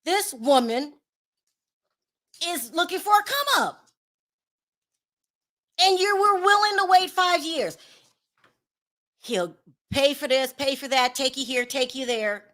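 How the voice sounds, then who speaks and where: A woman's voice: high voice, expressive, slow, long pauses, bright, forceful tone. A woman hosting a celebrity gossip show in casual commentary, blunt, sassy and dismissive.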